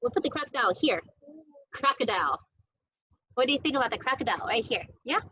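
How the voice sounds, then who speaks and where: High-voiced playful teacher woman. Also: lively intonation, quick pace, sharp tone, breathy edge, dry recording, highs cut off. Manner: sing-song, playful with children, making animal sounds. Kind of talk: cooking and teaching toddlers at home.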